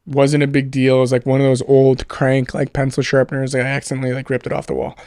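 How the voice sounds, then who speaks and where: A man's voice: medium pitch, monotone, fast, a little mellow, no room sound. A young man, a podcast guest, telling a long story in casual chat, full of fillers and swearing. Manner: rambling storyteller, swears freely, many fillers.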